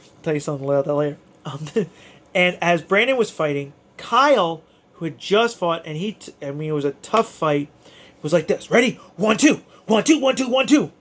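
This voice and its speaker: A man, an amateur boxer, excitedly recounting his fight in a casual, emotional way with stumbling restarts. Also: high voice. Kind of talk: casual storytelling to camera.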